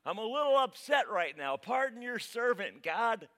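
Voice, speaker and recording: A man voicing a distraught biblical leader who cries out to God in loud, pleading complaint. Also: sing-song, moderate pace, heavily acted. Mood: upset. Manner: loud, pleading, high-pitched.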